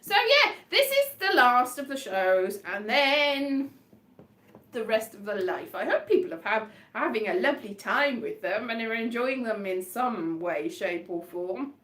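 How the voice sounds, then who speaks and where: A woman's voice: on the high side, sing-song, unhurried, fairly bright tone. A woman performing solo on a live stream, chatting in a rambling, whimsical, playful way and wandering off on tangents. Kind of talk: rambling improvised comic chat between songs. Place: indoor room. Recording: echoey room with faint guitar.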